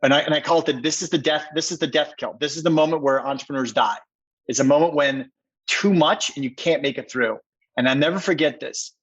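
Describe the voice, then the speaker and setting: On lo-fi audio, a middle-aged podcast guest from Minneapolis, USA, speaks fairly quickly in a fairly high, somewhat bright voice with a breathy edge. Earnest and emphatic, he shares a personal story and keeps restarting sentences.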